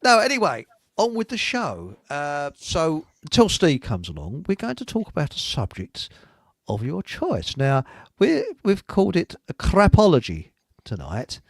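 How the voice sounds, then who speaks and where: Giggly, rambling high-voiced man host. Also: huge pitch swings, a little slow, creaky, no room sound, studio quality. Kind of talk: casual live chat show.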